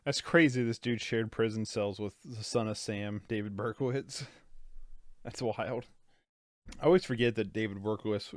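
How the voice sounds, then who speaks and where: Stuffy sleepy guy doing a movie watch-along, kinda low smooth voice, lots of "like", dry sound. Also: moderate pace, dry recording. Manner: rambling, filler-heavy, says "like" often. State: stuffed-up nose and sleepy, yawning. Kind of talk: casual movie reaction commentary.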